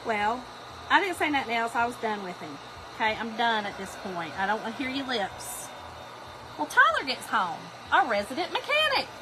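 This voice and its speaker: Lively, bright-voiced woman. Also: fairly high pitch, normal speed, background noise. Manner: animated, laughing, talks straight to viewers. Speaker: craft segment host. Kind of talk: chatty livestream storytelling.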